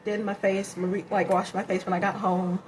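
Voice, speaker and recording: A woman of middle pitch chats her way through a makeup tutorial, rambling and talking to herself as she works. She sounds tired and a little out of breath. A faint hiss sits under the home recording. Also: level tone, normal speed, rough recording. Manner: chatty, rambling, self-talk while applying makeup. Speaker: beauty vlogger. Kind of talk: casual makeup tutorial chat.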